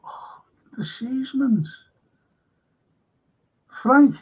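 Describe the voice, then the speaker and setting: A man's voice: fairly high pitch, takes it slowly, pauses often, husky. A man with a Liverpool accent hosting a casual livestream as a historian, chatting in a rambling way, swearing freely and reading out viewer comments. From Liverpool, England. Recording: dull lo-fi stream audio.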